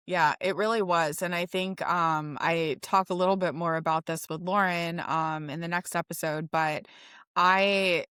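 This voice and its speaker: A woman's voice: fairly low pitch, steady tone, a little slow, a bit bright, smooth, no echo, clean studio sound. A woman hosting a casual conversation, chatty and laughing often as she tells stories. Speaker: podcast host.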